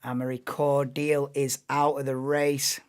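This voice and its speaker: A man's voice: medium pitch, little pitch movement, measured pace, clean tone. A man doing casual live race commentary on a stream, chatting and thinking aloud between calls of the action.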